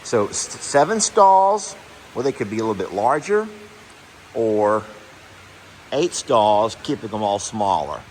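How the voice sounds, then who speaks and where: A man's voice: on the low side, big pitch swings, unhurried, pauses often, darkish tone, a little hiss or hum, low-quality recording. A man vlogging from his barn, chatty and affectionate as he talks to his horses. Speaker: horse rescue owner. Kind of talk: casual vlog. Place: barn stalls.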